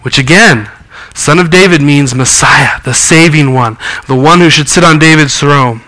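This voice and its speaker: Man, preaching, earnest, bright edgy tone, fairly high voice. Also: moderate pace, low-quality recording. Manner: earnest preaching with scripture reading and acted quotes. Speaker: pastor. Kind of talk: sermon.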